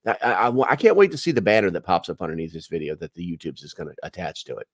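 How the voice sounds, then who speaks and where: A man's voice: sits low, lively intonation, fast, no echo, clean studio sound. A man hosting a prepper channel, rambling through the news with sarcastic asides and lots of filler words. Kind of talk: casual news commentary.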